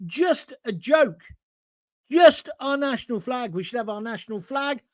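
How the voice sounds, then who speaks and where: A middle-aged man from England, broadcasting alone from home, goes through viewer comments on his live-stream in a blunt, combative rant with jokey asides. He has a very high-pitched, animated voice and takes his time, recorded in clean studio sound with no room echo.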